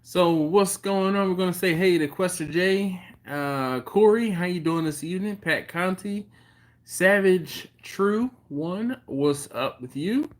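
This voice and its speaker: Man, live-stream host at home; loose, rambling chat greeting viewers by name; slightly high voice. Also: a little slow.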